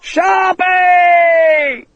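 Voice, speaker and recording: A man's voice: very high-pitched, steady tone, drawn-out words, fairly bright tone, no room sound, raised voice, highs cut off, a faint crowd, voice pushed up, full character voice. A man voicing a deranged soldier who shrieks and raves in terror. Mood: shrieking. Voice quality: shrieking, frantic. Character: raving deranged male soldier, terrified.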